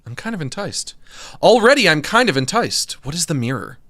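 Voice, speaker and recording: Animated man reacting on a live stream. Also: on the high side, a little fast. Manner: animated, jokey, reads aloud, talks with mouth full.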